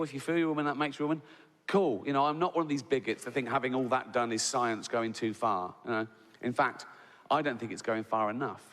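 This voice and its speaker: Rambling stand-up comic man. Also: medium pitch. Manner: rambling, playful storytelling with crude voices. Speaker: stand-up comedian. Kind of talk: stand-up routine. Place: large theatre with audience. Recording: live hall with long reverb and background noise.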